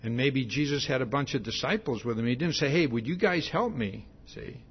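Husky man preaching a conversational sermon. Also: medium pitch, fairly quick. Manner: repeats words, asks "See?" often, acts out quotes. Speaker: pastor. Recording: dull lo-fi sound.

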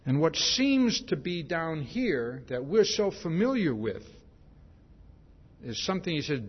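A male preacher whose voice is a little high, slightly rough and a touch slow gives an expository Bible sermon. Emphatic, with lively pitch rises and drops, he keeps repeating "see?" to land his points, all on a dull lo-fi recording.

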